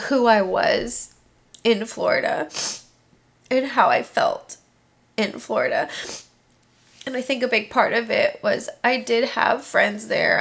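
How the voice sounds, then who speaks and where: Young woman vlogger, tearful, soft-spoken, slow with a creaky fry. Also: fairly high pitch. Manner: soft, halting and reflective, with many pauses and fillers. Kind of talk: emotional personal vlog. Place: apartment bedroom, indoors.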